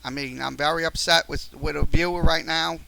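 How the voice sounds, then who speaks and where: A high-pitched man with a gravelly edge hosts a live-streamed sports talk show into a studio mic. He rambles through fillers and restarts, and his tone turns tense and sharp as a viewer frustrates him. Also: fairly even intonation, normal speed, poor audio. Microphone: studio mic through a mixer.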